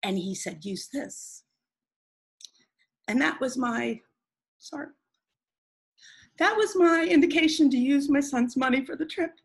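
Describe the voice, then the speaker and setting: A woman's voice: high-pitched, animated, moderate pace, gravelly, long pauses, rough recording. A woman who is a guest in a conversation, telling a personal story in an earnest, rambling way with many restarts.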